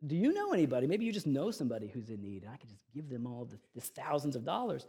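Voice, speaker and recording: A man doing a smooth-talking con man. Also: medium pitch, sing-song, fast, dark tone. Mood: coaxing. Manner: persuasive, coaxing.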